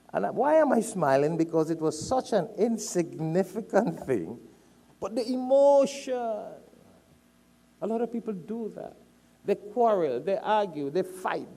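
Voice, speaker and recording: Trinidad-born guy preaching, keeps repeating stuff for emphasis, voice swings up and down a lot. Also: a little high. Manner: animated storytelling, emphatic repetition. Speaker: Islamic preacher. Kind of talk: sermon.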